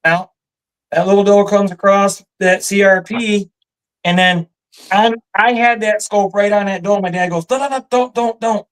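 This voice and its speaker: A man with a Michigan accent telling a hunting story in a relaxed chat, animated and laughing often. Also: sits high, measured pace, clear, resonant tone, rough recording. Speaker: guest storyteller. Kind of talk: casual storytelling.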